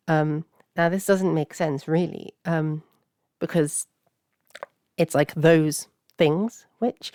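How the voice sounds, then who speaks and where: Mellow woman patiently teaching ancient grammar. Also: on the low side, dry recording, studio quality. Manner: patient, many fillers and self-corrections. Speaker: language teacher. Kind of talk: explaining grammar word by word.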